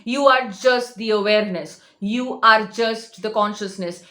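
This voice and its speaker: A woman's voice: on the high side, a bit bright. Insistent woman coach, echoey room. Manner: insistent, repeats herself, emphatic. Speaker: manifestation coach. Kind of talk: direct-to-camera motivational talk.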